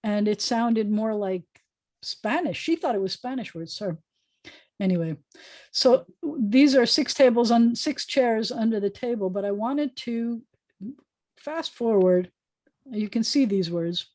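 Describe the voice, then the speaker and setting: A woman's voice: on the high side, animated, unhurried, darkish tone, no room sound. A woman rabbi giving a casual online lesson over a video call, chatty and thinking aloud with many fillers. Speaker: rabbi teaching a class.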